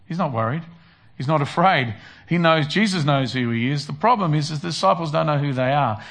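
A man's voice: on the high side, lively intonation, brisk, a bit bright. Man preaching a conversational sermon. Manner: conversational, acts out quoted prayers and disciples. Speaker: pastor.

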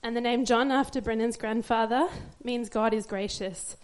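A woman's voice: on the high side, fairly even intonation, normal speed. A young woman giving an emotional church testimony as a new mother, tearful and laughing through it. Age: young adult.

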